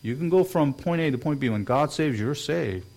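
A man's voice: a little high, expressive, normal speed, darkish tone. A man preaching a sermon in an earnest way, now and then acting out quoted voices. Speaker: pastor.

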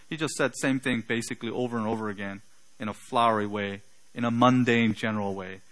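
A man preaching a sermon, building to loud emphatic peaks and trailing off quietly at the ends of phrases. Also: mid-range voice, rough recording.

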